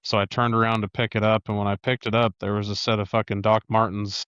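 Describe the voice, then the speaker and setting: A man in his thirties with a low, smooth voice tells profane, lively stories on a casual podcast. The sound is dry and a bit dull, like a home mic. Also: fast, dry recording. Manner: profane, animated storyteller. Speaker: podcast co-host.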